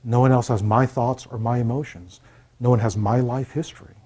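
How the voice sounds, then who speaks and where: A man's voice: medium pitch, fairly even intonation, fairly quick, warm tone, husky. A man, a college counselor, giving an earnest classroom talk to students and checking in often to make sure they follow. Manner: earnest, repeats key points, checks in with "okay?".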